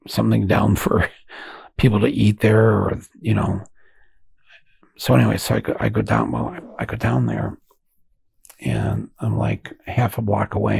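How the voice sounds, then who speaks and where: Impassioned older man, gravelly and husky. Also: fairly low pitch, no echo, clean studio sound. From United States. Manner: impassioned, swinging from loud outbursts to hushed, halting reflection. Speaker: podcast host. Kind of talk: emotional monologue.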